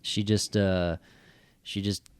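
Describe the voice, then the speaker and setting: A man's voice: on the low side, takes it slowly, clean tone, dry recording. A middle-aged man co-hosting a casual chat show, telling a story with lots of swearing and acted-out quotes. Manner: animated storyteller, swears a lot, acts out quotes. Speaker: podcast co-host.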